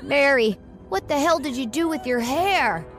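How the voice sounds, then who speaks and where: A gallant teenage boy at a school dance, voiced by a woman narrator in a storybook audio. His voice is high for a boy and has a courtly politeness. Soft music runs behind. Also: expressive, measured pace. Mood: alarmed. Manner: courtly, then alarmed. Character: young male boyfriend, teen.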